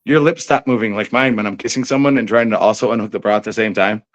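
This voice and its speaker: A man's voice: on the low side, steady tone, quick pace, dull audio. A man who is a guest on a casual livestream podcast, cracking crude jokes and teasing the host. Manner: joking, teasing, crude humor. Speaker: guest band member.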